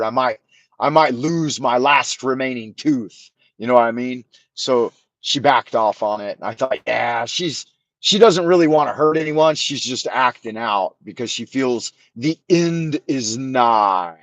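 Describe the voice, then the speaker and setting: A man's voice: medium pitch, no echo, poor audio. A man hosting a show, telling a rambling story in casual talk, profane and wry. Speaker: show host.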